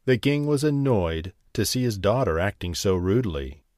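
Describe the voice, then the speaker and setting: A man hosting a bedtime story channel, reading a fairy tale gently. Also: fairly low pitch, lively intonation, moderate pace, no room sound, studio quality. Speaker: storyteller host.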